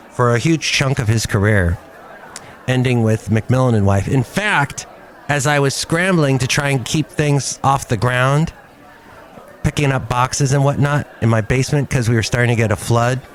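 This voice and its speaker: Podcast guy at a cafe, voice kinda rough like a smoker's after covid, rambles and jokes around. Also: medium pitch. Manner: chatty, joking, rambling asides. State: recovering from covid, slightly rough voice. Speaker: podcast host. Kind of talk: casual podcast chat.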